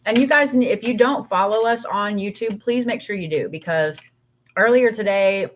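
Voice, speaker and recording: A woman's voice: mid-range voice, moderate pace. A woman co-hosting a casual spiritual live stream, chatty and rambling with many fillers, tired and eating as she talks. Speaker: co-host.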